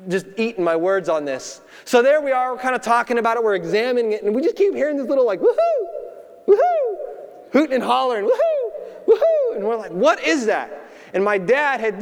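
A man preaching in a church sanctuary with a very high voice, moving from a fishing story into scripture. He talks to the congregation directly and keeps his delivery casual. The sound rings with long reverb from the hall. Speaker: pastor. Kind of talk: sermon.

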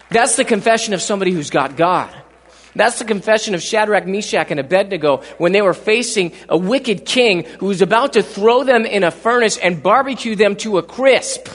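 High-voiced preacher man in a reverberant hall. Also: expressive, normal speed. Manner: fervent preaching, swings from loud emphatic peaks to low asides; repeats words and stammers when building a point. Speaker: pastor. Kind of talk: sermon. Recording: live sermon with long hall reverb.

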